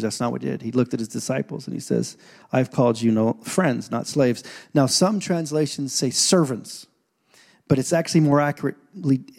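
A man preaching a sermon as pastor, telling stories and acting out scenes, swinging from quiet asides to loud points. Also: medium pitch, creaky.

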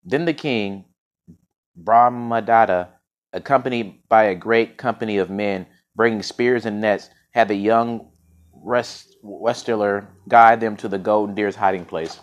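A podcast storyteller with a lowish, unhurried voice and dull-sounding audio reads a fable aloud. He often stumbles over words and corrects himself, adding casual, slangy asides.

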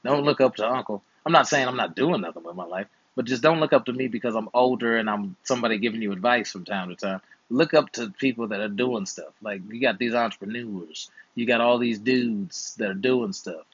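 Young uncle type, playful and slangy, husky voice, dry close sound. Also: male voice, medium pitch, fairly quick, hardly any pauses, a bit bright, dry recording, dull audio. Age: 20s. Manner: playful, slangy, teasing advice. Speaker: uncle and channel host. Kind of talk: casual chat while gaming.

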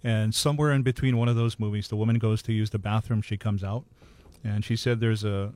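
A man telling local ghost stories in a relaxed, measured way, matter-of-fact about the details. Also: lowish voice, no echo. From Hawaii. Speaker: ghost storyteller guest. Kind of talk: casual ghost storytelling.

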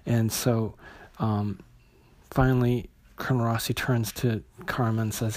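Man for a comic review vlog: husky voice, halting delivery with lots of ums and restarts. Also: medium pitch, darkish tone. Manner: hesitant, many fillers and restarts. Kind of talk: casual spoken review.

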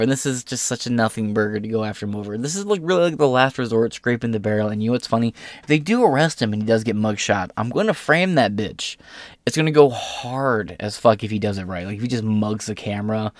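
A young man with a fairly low voice hosts a casual news commentary show, reading articles aloud and breaking off for sarcastic, profane asides. The sound is close and dry, with almost no room around it. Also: no echo. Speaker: host.

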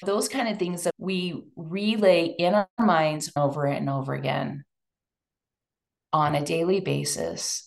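A woman's voice: low-pitched, measured pace, vocal fry. A woman giving a chatty, emotional talk to a live audience. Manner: chatty and emotional, lively asides. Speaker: speaker at a women's event.

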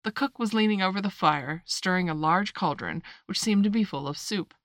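A woman narrating a children's classic in an even, measured audiobook reading. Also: mid-range voice, no room sound, studio quality.

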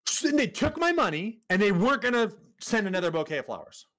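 Animated swearing man telling a story. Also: high voice, brisk. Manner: animated, swears often, acts out quotes. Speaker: podcast co-host. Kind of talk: casual storytelling chat.

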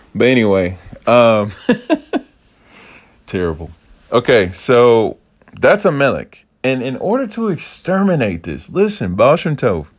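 A man giving a casual, enthusiastic Torah teaching, rambling with playful asides and restarts. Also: on the low side.

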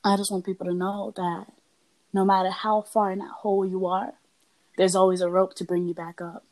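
Soft-spoken young woman, reflective. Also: mid-range voice, level tone, normal speed, poor audio. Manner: soft-spoken, reflective, repeats phrases for emphasis. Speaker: podcast guest. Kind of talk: candid personal conversation.

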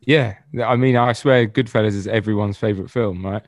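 A man's voice: on the low side, steady tone, fairly quick, no room sound. Laid-back man, dry close sound. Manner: laid-back, swears casually, laughs often. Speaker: podcast co-host. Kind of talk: casual film chat.

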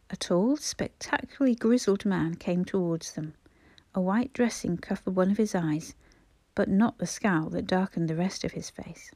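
Soft-spoken woman audiobook narrator. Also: on the low side, normal speed, no echo. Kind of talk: scripted narration.

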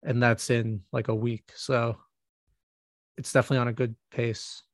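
A man co-hosting a music podcast, his voice gravelly and fry-laden. He rambles casually with lots of fillers and restarts. The sound is close and dry. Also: mid-range voice, flat delivery, moderate pace, dry recording. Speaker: podcast co-host.

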